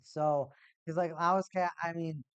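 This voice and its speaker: A man's voice: fairly high pitch, fairly even intonation, a little slow, fairly bright tone, clear, resonant tone, no echo, highs cut off. A man hosting a live-stream hockey watch party, chatting casually in a rambling, laid-back way and often repeating himself. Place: at home, in a cold room.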